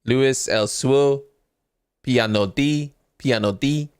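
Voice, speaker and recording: A man's voice: mid-range voice, slow, clear, resonant tone, natural voice. A man putting on an exaggerated fake Italian accent to play a race engineer talking over team radio. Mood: mock-dramatic. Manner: exaggerated sing-song faux-accent delivery.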